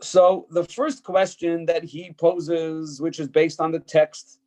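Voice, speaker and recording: A man's voice: a little high, level tone, slow, mellow, rough recording. A man teaching a Torah text class as a rabbi, reading passages aloud and explaining them emphatically with frequent fillers and restarts. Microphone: checks if listeners can hear him.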